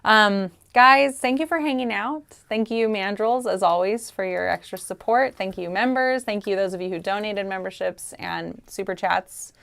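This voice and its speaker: Chatty woman co-host with gravelly voice. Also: mid-range voice, normal speed, hardly any pauses, a bit bright. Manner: laughing, chatty, upbeat. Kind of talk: casual livestream chat.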